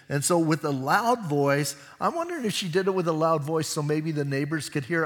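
A male pastor preaches a sermon in a church, his voice sitting a bit high for a man. He keeps it chatty and animated and slips into voices for the people he talks about. The sound rings with a long hall echo. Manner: lively, conversational preaching that acts out voices. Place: church sanctuary.

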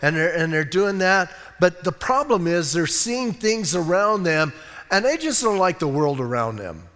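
A man's voice: sits high, sing-song, moderate pace, a bit bright, in a large hall. A middle-aged man preaching a casual, conversational sermon as pastor, folksy, with many fillers and restarts. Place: church sanctuary.

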